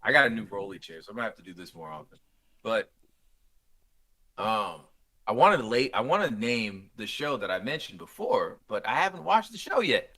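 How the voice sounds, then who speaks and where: A young podcast co-host tells stories animatedly in a casual chat, acting out the scenes he recounts with quoted voices. His voice is on the low side, and he speaks at normal speed.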